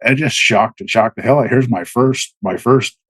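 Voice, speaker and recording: A man's voice: medium pitch, normal speed, fairly bright tone, breathy edge, dry recording, rough recording. A middle-aged man, a military veteran, telling stories as a podcast guest in a rambling way, full of restarts and fillers. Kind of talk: casual storytelling.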